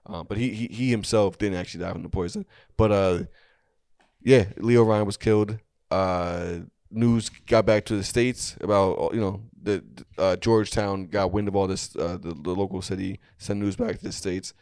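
Low-voiced man rambling through a story. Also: fairly even intonation, normal speed, a little mellow, no echo, clean studio sound. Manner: rambling, many fillers and restarts. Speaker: podcast co-host. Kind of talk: casual storytelling chat.

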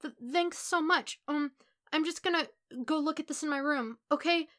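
A woman's voice: high-pitched, fairly even intonation, a bit bright, pitched above the performer's own voice. A woman reading fan fiction aloud, voicing an anxious teenage boy who stammers his thanks. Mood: flustered. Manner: nervous, stammering, rushed.

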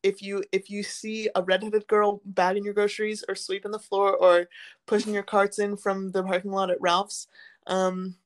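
A woman's voice: medium pitch, level tone, normal speed. Rambling young woman podcaster. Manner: rambling, heavy filler words, giggly. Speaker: podcast co-host. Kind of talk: casual chat.

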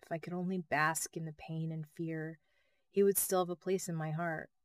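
A woman reading an audiobook, voicing a calm, gentle male mission controller with a smooth, rounded voice. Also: low-pitched, normal speed, natural voice. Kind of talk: audiobook narration.

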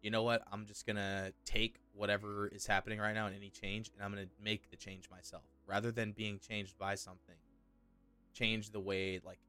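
A man's voice: fairly low pitch, flat delivery, normal speed, pushed and bright, clean tone, soft background music. A young man co-hosting a podcast, laid-back and teasing in casual chat. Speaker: podcast co-host.

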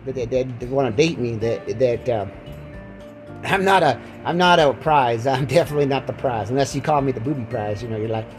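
A man's voice: medium pitch, a little fast, soft background music, low-quality recording. Rambling, joking man podcasting. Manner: rambling, repeats words, jokey. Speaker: podcast host. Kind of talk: casual rambling monologue. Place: lying down indoors.

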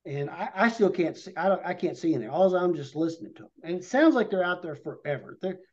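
On dull, lo-fi podcast audio, a guest relates a lengthy hunting story, rambling along casually and painting it in vivid detail. He talks fast, and his high-pitched voice is expressive and a little mellow.

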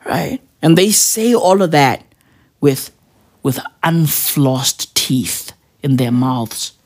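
Woman for a comedy rant: crude, repetitive bro-slang patter, slow and unhurried. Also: low voice, animated, a little mellow.

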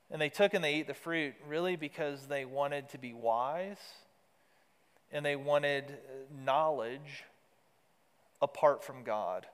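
A man preaching a sermon with earnest, emphatic repetition. His voice sits a little high and comes through smooth and resonant. A long reverb trails off each phrase, as in a large hall. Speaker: pastor.

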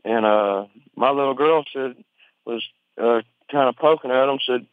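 A man with an Alabama Southern accent telling a story over the phone in an informal, rambling way, full of swearing and halting restarts. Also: mid-range voice, smooth, no room sound. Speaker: interviewee on a phone call. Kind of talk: conversational storytelling. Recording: tinny phone line, dry.

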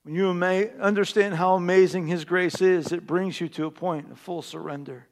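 A man preaching a sermon as pastor, swinging between hushed, intimate passages and loud, emphatic repeated declarations. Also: high-pitched, steady tone, normal speed, creaky.

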